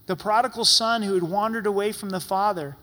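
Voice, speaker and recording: A man's voice: high voice, a little fast, bright, forceful tone, big-room sound. A man preaching a sermon as pastor in a church sanctuary, talking in an earnest, pleading, conversational way.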